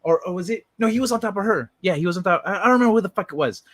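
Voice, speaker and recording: A man's voice: high voice, expressive, racing, no room sound. A man live-streaming, chatting casually with viewers and telling stories in a rambling, profane way.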